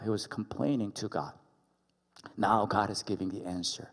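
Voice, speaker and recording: A man's voice: fairly low pitch, normal speed. A male pastor preaching a playful sermon and joking with the congregation in a church worship hall. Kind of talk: sermon with storytelling.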